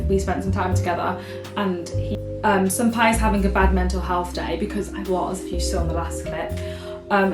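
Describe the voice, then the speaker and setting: A woman's voice: mid-range voice, reverberant, far from the mic. A young woman vlogging casually, chatty and dramatic, swinging between outrage and giggles. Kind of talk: casual vlog chat.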